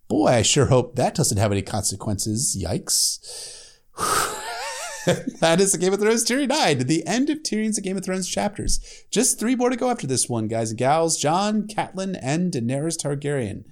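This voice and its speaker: A man's voice: a little high, big pitch swings, moderate pace. A man casually recapping a fantasy novel chapter, with sarcastic, profane asides and frequent restarts. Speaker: book recap host.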